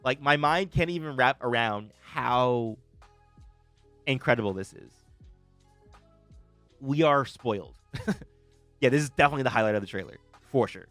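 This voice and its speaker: Excitable young man, dry close sound. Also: mid-range voice, normal speed, pauses often, dry recording, faint music behind. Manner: excitable, stammering restarts, laughs often. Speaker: livestream host reacting to a trailer. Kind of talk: excited live reaction and chat shout-outs.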